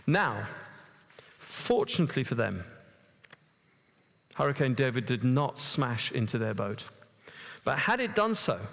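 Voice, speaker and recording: A man's voice: medium pitch, gravelly, fairly bright tone, long reverb tail. A man preaching a conversational sermon, telling a story, asking the congregation questions and often stumbling over repeated words. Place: church.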